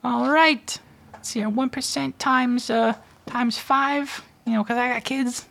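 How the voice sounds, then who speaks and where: A man voicing a shady male money changer with high, wheedling hustler patter. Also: steady tone, a little slow, vocal fry, a bit bright, heavily acted. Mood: hustling.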